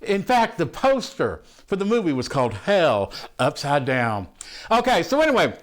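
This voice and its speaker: A man's voice: a little high, wildly swooping pitch, normal speed. A man playing a crude, horny movie fan who rambles and swears through a comic retelling of an old film. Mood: excited. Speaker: host reviewing a film. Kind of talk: comic character monologue.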